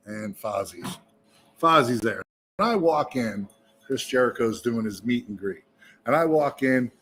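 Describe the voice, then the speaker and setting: Guy telling a wild story in a bar, swears a lot, does the voices, mid pitch, little bit of background noise. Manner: profane, energetic storyteller who acts out other voices. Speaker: musician guest. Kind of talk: animated storytelling. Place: indoor meadery bar.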